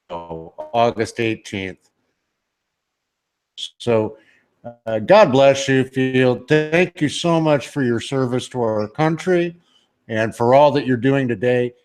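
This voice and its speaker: A male talk show host wrapping up an interview, with halting, stammering, friendly speech. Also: mid-range voice, a little mellow. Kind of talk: casual radio interview.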